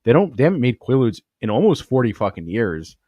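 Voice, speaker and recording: A man's voice: mid-range voice, very animated, fairly quick, warm tone, dry recording, studio quality. A man with a Long Island accent, hosting a podcast and telling crude, rambling stories full of swearing. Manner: profane, rambling, swears a lot. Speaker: podcast host. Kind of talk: crude comedic storytelling.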